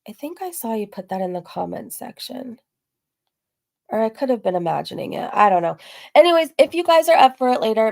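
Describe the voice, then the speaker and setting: A woman with a gravelly, hoarse-sounding voice, chatting casually on a livestream as she reads and answers viewer comments, rambling with lots of fillers. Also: mid-range voice, a little mellow. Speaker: livestream host. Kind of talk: casual live-stream chat reading comments.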